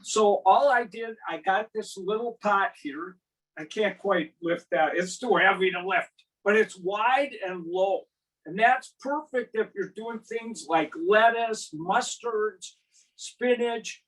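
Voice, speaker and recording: An older man telling a lively, animated story in a gardening talk, acting out sound effects. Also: sits high, slow, distant mic, rough recording. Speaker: gardening speaker.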